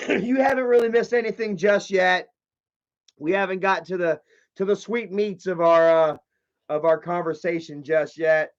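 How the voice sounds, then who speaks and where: A man's voice: a little high, steady tone, unhurried, clear, resonant tone. A man hosting a casual livestream, rambling, swearing freely and greeting viewers in the chat. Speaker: livestream host. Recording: muffled lo-fi stream audio.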